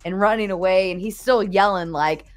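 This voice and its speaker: A woman's voice: medium pitch, moderate pace. A woman hosting a live stream in casual chat, laughing often and swearing freely as she tells stories. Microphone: streaming setup.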